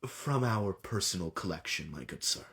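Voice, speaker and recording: A man's voice: deep voice, expressive, normal speed, a bit bright, pitched below the performer's own voice. A man voicing a cheeky, twig-thin servant who speaks with fussy, genteel politeness.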